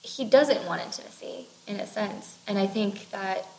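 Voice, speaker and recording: A woman's voice: medium pitch, moderate pace, darkish tone. A woman co-hosting a casual book discussion, rambling with lots of "like" and "you know". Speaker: podcast co-host discussing a book. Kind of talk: casual chat. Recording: roomy echo with faint background noise.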